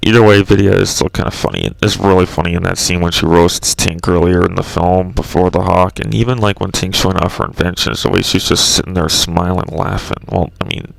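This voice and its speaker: Guy with a deep gravelly voice rambling and griping to camera, swears a lot. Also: steady tone, fairly quick, hardly any pauses, no room sound, low-quality recording. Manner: rambling, profane, exasperated ranting. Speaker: channel host. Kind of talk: casual rambling video commentary.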